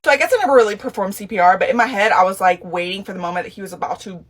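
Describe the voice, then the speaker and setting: A woman chatting casually to the camera while getting ready, telling a story in an animated, dramatic way. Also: mid-range voice, very fast. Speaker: nurse.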